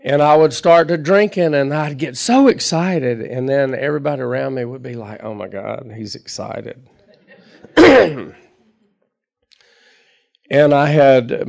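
Speaking in a creaky, somewhat mellow mid-range voice, a middle-aged man tells the story of his recovery at a meeting. His delivery is folksy and conversational, with plenty of self-directed laughter.

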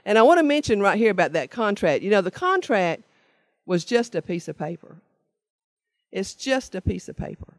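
A woman's voice: lowish voice, no room sound. Older woman, earnest testimony, emphatic repetition, dry close sound. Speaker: speaker sharing her recovery story. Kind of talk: personal testimony talk to a meeting.

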